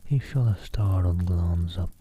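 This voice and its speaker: A man reading a novel aloud as an ASMR streamer, in soft whispered narration close to the mic. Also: low-pitched, a little slow, husky.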